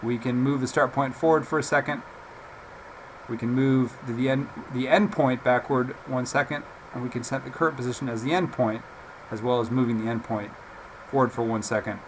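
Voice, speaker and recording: Relaxed man giving a software demo. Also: mid-range voice, noisy background. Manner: relaxed, halting, with frequent "uh" fillers. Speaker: software reviewer. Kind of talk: casual screen-recorded software demo.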